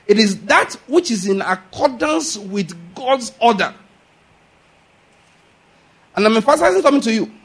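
Male preacher, high husky voice, emphatic, works the room with call-and-response questions. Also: expressive, measured pace, long pauses, fairly bright tone. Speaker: pastor. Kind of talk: sermon.

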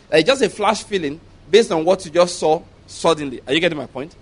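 A man's voice: sits high, moderate pace, few pauses. A man preaching a sermon in church, stressing key words and asking the congregation to answer "amen". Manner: emphatic, calls for congregation responses. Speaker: pastor.

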